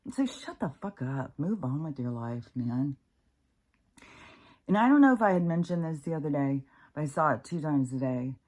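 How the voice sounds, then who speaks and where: Woman, low voice, casual vlog monologue, frank, profane, rambling with restarts. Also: lively intonation, normal speed, darkish tone. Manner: frank, frustrated, swears a lot; rambling, with many fillers and restarts. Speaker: vlogger.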